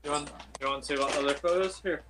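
A man's voice: fairly high pitch, quick pace, a bit bright, a little hiss or hum. A man chatting over a video call on a tablet, easygoing and hesitant, with lots of ums. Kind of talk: casual video call chat.

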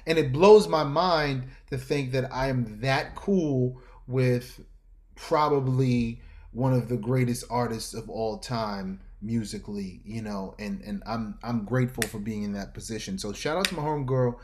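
A man's voice: medium pitch, a little slow. A middle-aged man with a New York accent tells stories as an interview guest, loose and slangy. His voice sits in an ordinary middle range. He jumps into other people's voices as he talks. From New York, Harlem. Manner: animated storyteller who acts out voices, slangy. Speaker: guest, fashion designer. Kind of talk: casual storytelling interview.

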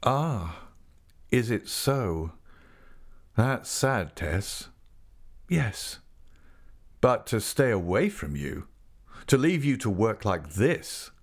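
A man voicing an insistent, hot-tempered gentleman suitor who questions forcefully. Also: fairly low pitch, big pitch swings, drawn-out words, pauses often, exaggerated voice.

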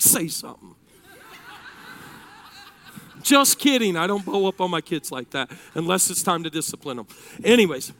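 A man, preaching a sermon that swings between shouted passages and hushed storytelling. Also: high voice.

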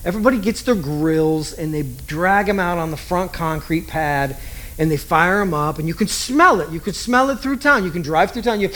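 A man with a notably high voice delivers a sermon as a pastor. He talks in a loose, conversational way, cracks jokes and keeps putting rhetorical questions to his listeners. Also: moderate pace, sharp tone.

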